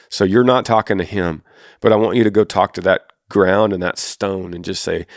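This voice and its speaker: A man in his thirties with a Texan accent and a low-pitched voice hosts a faith-based advice podcast, speaking earnestly and directly to a listener. The recording is dry and studio quality.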